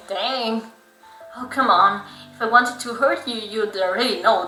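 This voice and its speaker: Animated woman playing a visual novel. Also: on the high side, measured pace. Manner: animated, laughing reactions. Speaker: gamer streamer. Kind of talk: reading and reacting to a visual novel. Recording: roomy echo, faint game music. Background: faint game music.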